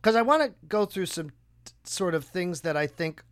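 A man hosting a podcast, chatting casually and acting out quotes with a raised, animated voice. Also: high voice, moderate pace, clear, resonant tone. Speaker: podcast host. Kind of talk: casual conversation.

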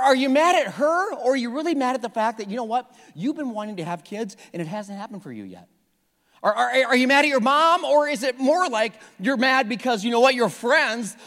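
A man preaching a sermon with passion, dropping from loud emphasis to hushed tones and often repeating his words. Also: high-pitched, in a large hall. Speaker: pastor.

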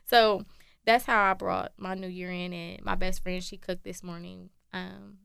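A woman's voice: medium pitch, moderate pace, vocal fry, smooth, no room sound, clean studio sound. A woman co-hosting a casual chat, telling stories with lots of laughter and acting out what others said. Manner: animated storyteller, acts out quotes, laughs often. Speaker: podcast co-host.

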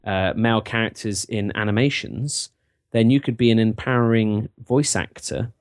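A man's voice: on the low side, moderate pace, dry recording, clean studio sound. A man co-hosting a casual podcast chat, full of wry, self-pitying banter. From England. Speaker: podcast co-host.

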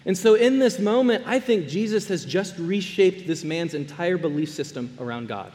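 A man preaching a sermon as a pastor, earnest, dropping to hushed tones and then rising to emphatic ones. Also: sits high, animated, moderate pace, long reverb tail. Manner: earnest, swings between soft hushed lines and raised emphatic ones.

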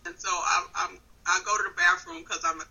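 Wisconsin woman in her thirties, comic storyteller, animated and giggly, wide pitch swings. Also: a little fast, gravelly, breathy edge, muffled recording. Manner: animated, laughing often, swings between loud and quiet. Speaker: comedian guest. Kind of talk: casual storytelling on a phone call. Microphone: phone call.

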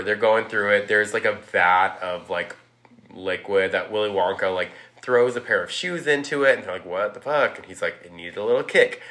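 A man casually recapping a movie, rambling with lots of "like" and throwing in quick impressions of the characters. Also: fairly low pitch, sharp tone. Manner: rambling, heavy use of "like", acts out quotes. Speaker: podcast guest recapping a film. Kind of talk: casual chat.

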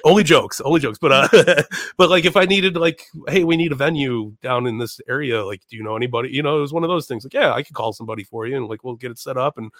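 A young man tells rambling, animated stories as a podcast guest, laughing and swearing through them. His voice sits at an ordinary middle pitch. The sound is dry and close, with no room echo. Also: quick pace. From Chicago. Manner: animated, laughing, swears often, many restarts. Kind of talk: casual storytelling chat.

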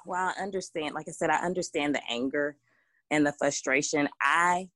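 A woman's voice: sits low, brisk, fairly bright tone, no echo. A woman, co-hosting a casual podcast discussion, talking emphatically with many restarts. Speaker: podcast co-host.

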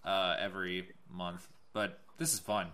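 A man hosting a casual podcast, loose and relaxed, with the odd swear. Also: deep voice, measured pace, clear, resonant tone. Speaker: podcast host.

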